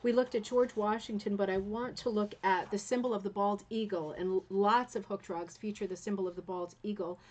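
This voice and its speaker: A woman's voice: mid-range voice, fairly even intonation, a little fast, few pauses, darkish tone. A woman hosting a rug hooking channel, talking viewers through a bit of history in a chatty way, with many fillers and "right?" asides. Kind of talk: casual history talk to viewers.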